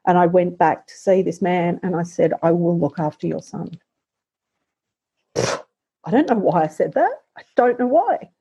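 Husky, mellow-voiced middle-aged woman. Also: lowish voice, animated. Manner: halting and reflective, with frequent fillers and restarts. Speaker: guest. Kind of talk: personal storytelling in conversation.

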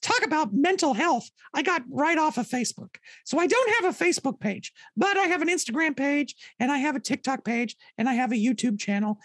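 A man's voice: very high-pitched, big pitch swings, a little fast, hardly any pauses, a bit bright, dry recording, clean studio sound, heavily acted. A man voicing a chatty, eager toilet paper roll puppet with show business dreams, joking through an interview. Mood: jokey. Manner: bubbly, jokey, chatty. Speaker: puppet guest.

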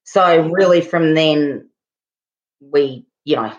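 A middle-aged woman co-hosting a podcast, speaking in a halting casual way with many pauses and restarts. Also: sits low, dull audio. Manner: halting, full of fillers and restarts. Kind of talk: casual chat.

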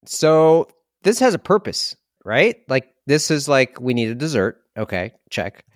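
A man's voice: mid-range voice, big pitch swings, measured pace, no echo. Man, podcast co-host, quizzical rhetorical jokes, mid voice, dry room. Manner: quizzical, jokey rhetorical questions. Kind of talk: casual comedic chat.

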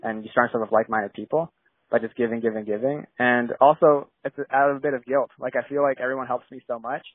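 A man's voice: medium pitch, steady tone, quick pace, breathy edge, no room sound. A young man from San Diego, a filmmaker guest, talking casually and rambling with lots of "like" and restarts. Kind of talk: casual interview chat. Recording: tinny phone-like line.

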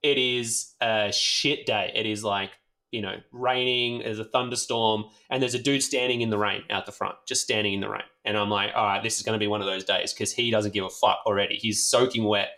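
An Australian man telling a rambling, animated story in casual chat, swearing freely and leaning on fillers. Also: on the low side, moderate pace. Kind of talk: casual anecdote.

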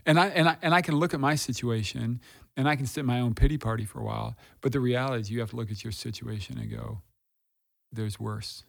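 A gravelly, creaky-voiced man in middle age talks in an earnest, unpolished way, like a pastor in conversation. He leans on repetition to drive his points home. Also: mid-range voice, fast talker. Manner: earnest, repeats phrases for emphasis. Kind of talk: candid conversational testimony.

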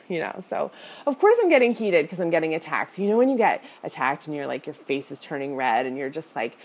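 Lively, low-voiced woman telling a story. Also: fairly quick, husky. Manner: chatty, heavy use of "like" and "you know"; confessional, addresses listeners directly. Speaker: podcast host and business coach. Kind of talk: casual storytelling monologue.

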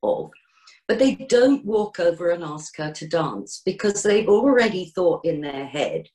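Animated woman coaching on a podcast. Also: on the low side, measured pace. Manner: animated, gently encouraging, acts out inner voices. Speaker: coach and guest. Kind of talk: podcast interview.

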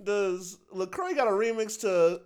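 A man's voice: high voice, animated, a little slow, darkish tone, smooth. A man co-hosting a casual chat about movie ratings, laid-back and slangy, laughing often. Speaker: podcast co-host.

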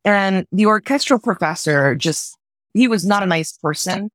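A woman from Southern California, a conductor, telling a personal story in an interview, earnest and halting, repeating words when moved. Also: mid-range voice, animated, no echo. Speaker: guest, orchestra conductor.

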